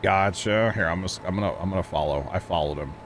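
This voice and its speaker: A man's voice: low-pitched, fast talker, a little hiss or hum. A man livestreaming a farming game, talking casually and rambling to his chat, chuckling often. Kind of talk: casual chat while playing.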